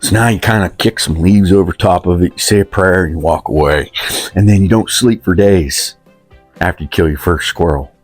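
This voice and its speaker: Low-voiced man in his fifties. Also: moderate pace, soft background music. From West Virginia. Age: 50s. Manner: rambling, self-mocking, talks about himself in third person. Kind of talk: rambling comic monologue.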